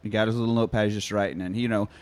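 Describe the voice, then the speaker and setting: A man's voice: fairly low pitch, steady tone, racing. A man hosting a podcast, chatting casually about a movie and acting out its lines as he retells the scenes. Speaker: podcast host.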